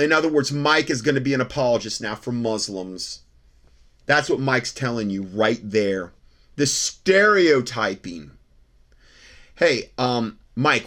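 A man's voice: medium pitch, fairly bright tone. A man hosting a religious commentary show, talking in an emphatic, repetitive, argumentative monologue.

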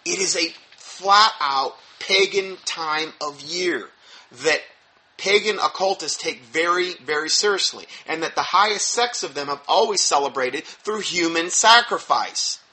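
Emphatic, bright-voiced male preacher. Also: on the high side, measured pace. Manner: emphatic, animated, with sudden drops to mumbled asides. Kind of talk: sermon-style teaching talk.

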